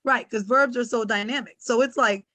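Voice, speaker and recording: A woman's voice: on the high side, normal speed, fairly bright tone, dry recording. A woman on a discussion panel, reflective, sharing a family saying as a story. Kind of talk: casual discussion.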